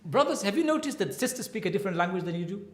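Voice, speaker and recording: A man in his fifties, an imam and marriage counselor, giving a humorous lecture as an animated, joking storyteller. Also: high-pitched, very fast. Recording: echoey hall.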